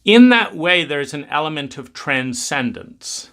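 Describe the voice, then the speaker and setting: A man's voice: a little high, animated, a little slow, a bit bright. A man giving a reflective spoken talk, rambling with many restarts.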